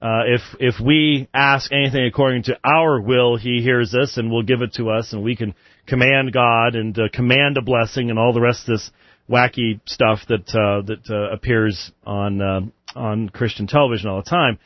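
A man's voice: mid-range voice, steady tone, moderate pace, no echo. Man, call-in show host, chatty, chuckling, Bible questions, dry close sound, dull muffled audio. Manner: chatty, chuckling, loose asides.

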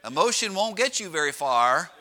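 High, bright-voiced preaching man. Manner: animated storytelling with dramatic slowdowns and drops to a hush. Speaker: pastor. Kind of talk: sermon.

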